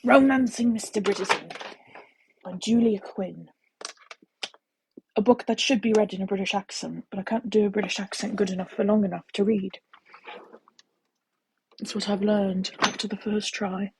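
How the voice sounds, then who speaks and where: A woman's voice: medium pitch, darkish tone, a little hiss or hum, low-quality recording. A woman hosting a book-reading livestream, chatting casually and bubbly with viewers, full of jokey asides. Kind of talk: casual live chat with viewers.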